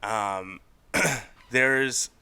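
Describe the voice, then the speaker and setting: A young man co-hosting a podcast in casual chat, animated and jumping high in pitch when he quotes others. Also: drawn-out words, creaky, clean tone. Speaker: podcast co-host.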